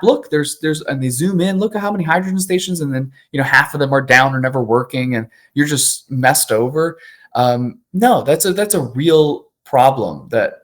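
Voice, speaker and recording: A man who is an attorney, speaking as an interview guest, candid and animated with frequent fillers. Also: mid-range voice.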